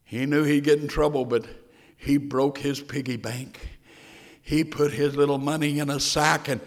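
His voice sits fairly high, with fairly even intonation and a normal speed, as this man delivers a sermon. He moves from heartfelt storytelling to impassioned appeals, briefly singing a hymn.

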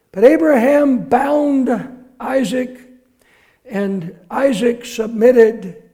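A man preaching a sermon, reading scripture with emphasis, shouting some quotes and dropping to quiet asides for the congregation. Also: very high voice.

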